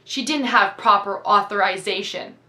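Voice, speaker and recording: A woman's voice: medium pitch, moderate pace, pushed and bright, roomy sound, close to an everyday voice. A woman doing a cold, lying camp warden. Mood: curt.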